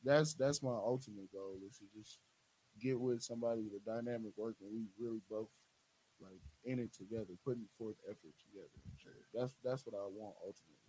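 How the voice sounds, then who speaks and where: A man's voice: fairly low pitch, brisk, warm tone, slight background noise, rough recording. Laid-back young man, AAVE. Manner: laid-back, frank, filler-heavy. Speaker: podcast co-host. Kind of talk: casual chat.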